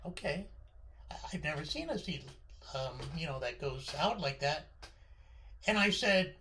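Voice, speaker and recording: A man in his fifties telling a personal childhood story in an excitable, animated way, stumbling over repeated words. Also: a little high, unhurried, long pauses, a little hiss or hum. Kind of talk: personal story told to an audience.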